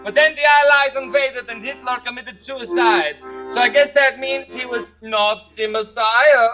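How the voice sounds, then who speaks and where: A man with a strikingly high voice works through an open-mic stand-up set, checking after each joke whether it landed. The sound is dull and lo-fi, with music clearly audible behind him. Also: fairly even intonation, a little slow. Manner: keeps checking how the audience reacts to his jokes. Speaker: stand-up comedian.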